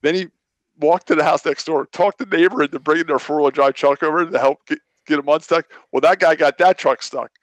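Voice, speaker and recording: A man's voice: a little high, fairly even intonation, fairly quick, no room sound. A man telling a long, rambling story in a casual podcast chat, often restarting his sentences and replaying what others said to him. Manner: rambling, self-interrupting, recounts his own conversations. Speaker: local racer, regular guest.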